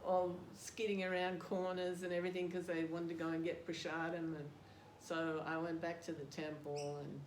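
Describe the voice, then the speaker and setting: A woman's voice: fairly low pitch, level tone, normal speed, hardly any pauses. An older woman with an Australian accent, telling a story with laughter and self-deprecating humor in a casual interview. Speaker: interviewee, devotee. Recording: roomy with background noise.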